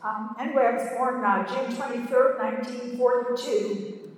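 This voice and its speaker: A woman's voice: fairly high pitch, fairly even intonation, normal speed, crowd noise. Chatty woman in her eighties in an echoey hall. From Pittsburgh, Pennsylvania. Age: 80s. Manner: chatty, laughing often, many fillers and "you know". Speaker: speaker sharing her recovery story. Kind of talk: casual storytelling talk. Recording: echoey hall, mic at a distance.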